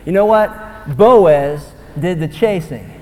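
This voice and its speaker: A young man preaching a sermon, animated and swinging from low, quiet asides to loud, excited bursts. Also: takes it slowly, a little hiss or hum. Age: young adult. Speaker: pastor. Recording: long hall reverb.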